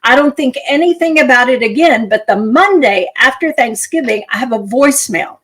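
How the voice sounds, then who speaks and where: Middle-aged woman speaker from North Texas, lively anecdotal delivery with slightly high pitch; good for a business keynote. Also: moderate pace. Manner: animated storyteller, acting out quoted voices. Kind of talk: storytelling talk to a live audience.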